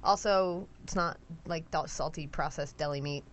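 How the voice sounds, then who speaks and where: A woman's voice: deep voice, moderate pace. A woman talking about her sandwich shop on a talk show, bubbly and enthusiastic, laughing often. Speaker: sandwich shop co-owner guest. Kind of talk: casual chat.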